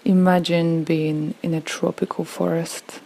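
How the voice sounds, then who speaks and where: A woman leading a guided relaxation visualization, speaking slowly and soothingly with long pauses. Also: lowish voice, little pitch movement, vocal fry, dark tone, poor audio. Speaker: yoga and meditation guide.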